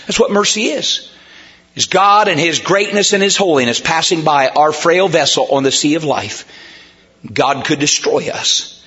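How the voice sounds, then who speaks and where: A man preaches a sermon in a church, his voice high and ringing with brightness. He swings from soft, hushed lines to emphatic shouting. The recording is muffled and lo-fi. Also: animated, measured pace. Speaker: pastor. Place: church sanctuary.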